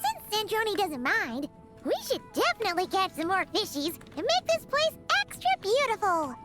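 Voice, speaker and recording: A woman voicing a tiny cheerful floating girl companion in a game, bubbly and excitable. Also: very high voice, normal speed. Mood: playful. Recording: game audio with loud music.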